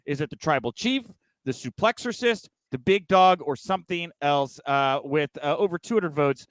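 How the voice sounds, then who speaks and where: Male podcast host, joking and sarcastic in casual news chat, with a smooth, high voice on a dry recording. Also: animated, moderate pace, dry recording.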